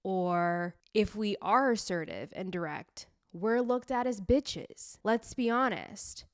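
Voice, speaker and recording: Young woman doing a solo podcast, blunt and swears a lot, mid pitch, super dry close sound. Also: animated, takes it slowly, no echo. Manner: frank, blunt, emphatic, profane. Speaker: podcast host.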